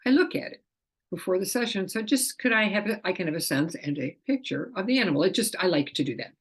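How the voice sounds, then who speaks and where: A middle-aged woman casually chats about her work as an animal communicator, often acting out quoted dialogue in lively voices. She talks fast in a fairly low voice with a breathy edge.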